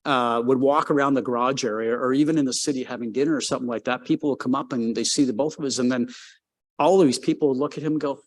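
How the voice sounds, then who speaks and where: A man's voice: medium pitch, quick pace. Man in his sixties telling racing anecdotes. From Canada. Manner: rambling, filler-heavy, lively when telling a story. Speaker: guest, former race car driver. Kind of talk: casual anecdotal storytelling.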